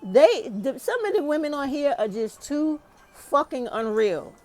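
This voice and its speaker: Woman, YouTube commentator, fired-up and cursing, slightly high voice. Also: big pitch swings, a little slow, a little mellow, faint music behind. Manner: profane, ranting and emphatic. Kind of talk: heated opinion monologue.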